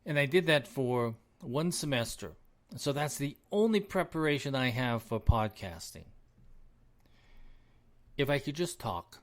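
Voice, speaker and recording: A man's voice: mid-range voice, animated, a little slow. A middle-aged man hosting his own podcast, delivering an emphatic, repetitive opinion rant with frequent chuckles. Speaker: podcast host.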